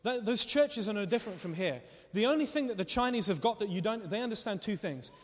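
High-voiced man preaching in a hall. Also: fast talker. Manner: animated, laughs often while telling stories. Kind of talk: sermon with storytelling. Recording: long reverb of a hall.

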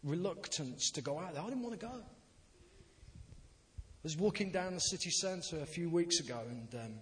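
A man's voice: on the high side, animated, moderate pace, fairly bright tone, breathy edge. A man, a pastor, preaching a sermon in an anecdotal, self-deprecating storytelling manner. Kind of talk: sermon with personal stories.

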